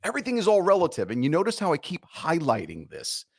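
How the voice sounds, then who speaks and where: A man's voice: fairly high pitch, wildly swooping pitch, fast talker, gravelly, no room sound, clean studio sound. A man speaking as a podcast guest, giving emphatic, punchy motivational advice. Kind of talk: motivational talk in an interview.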